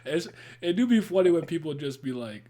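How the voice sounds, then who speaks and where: A man's voice: fairly high pitch, lively intonation, fairly quick, mellow. A man co-hosting a podcast in casual chat, rambling and easygoing.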